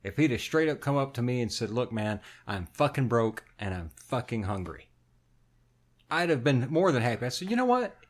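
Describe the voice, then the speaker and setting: A man's voice: mid-range voice, animated, normal speed. A man co-hosting a podcast, telling blunt, profane stories in casual chat. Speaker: podcast co-host.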